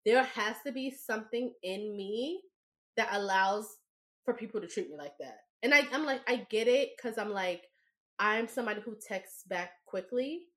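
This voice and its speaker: A young woman co-hosting a podcast, telling a story in a blunt, profane, animated way. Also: medium pitch, normal speed. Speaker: podcast co-host. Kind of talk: casual podcast chat.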